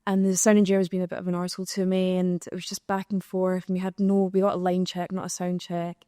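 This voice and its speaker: Young Scottish woman, singer guest, animated candid storyteller; mellow tone, dry close sound. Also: on the low side, quick pace, dry recording. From Scotland. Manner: animated storytelling, acting out quoted exchanges. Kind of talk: candid panel conversation. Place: live podcast recording in an arts venue.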